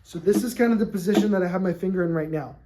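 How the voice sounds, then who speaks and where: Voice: mid-range voice, very fast, heavy background noise. A ukulele teacher giving an on-camera lesson, friendly and patient, asking "okay?" after nearly every point and counting beats aloud over ukulele strumming. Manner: friendly, checks in with "okay?" constantly.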